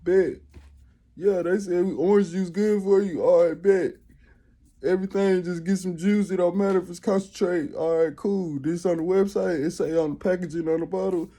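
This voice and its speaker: A man mocking a gullible, high-voiced yes-man. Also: steady tone, warm tone. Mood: naive. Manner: eager, trusting, quick agreement. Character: gullible average man who believes everything.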